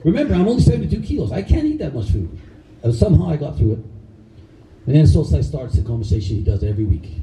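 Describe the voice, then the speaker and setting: A middle-aged karate instructor tells lively stories to a live audience at a camp, laughing often and acting out the characters. His voice is very dark and mellow yet a little high, and he talks fast. The room is echoey, he sits far from the mic, and faint background noise can be heard.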